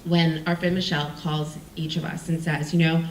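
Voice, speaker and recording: A woman telling a personal story on stage, animated and self-mocking, acting out the people she quotes. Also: low-pitched, moderate pace, a little hiss or hum. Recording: roomy sound from a distant mic with faint ambience.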